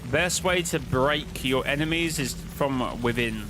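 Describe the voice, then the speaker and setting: A man with a medium-pitched voice, a little slow, streams amid background noise, casually theorizing about game lore. His talk rambles, addresses the chat, and is full of restarts and self-corrections.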